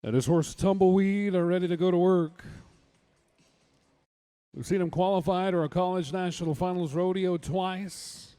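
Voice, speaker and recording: A man announcing riders at a rodeo with an upbeat, introducing manner. His voice sits fairly high for a man. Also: normal speed, dark tone, clear, resonant tone. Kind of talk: live rodeo commentary.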